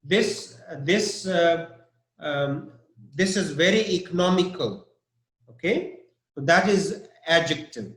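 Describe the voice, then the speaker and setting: A man's voice: on the high side, lively intonation, slow, fairly bright tone, roomy sound, rough recording. A man teaching an English vocabulary lesson, spelling out words letter by letter and stressing syllables.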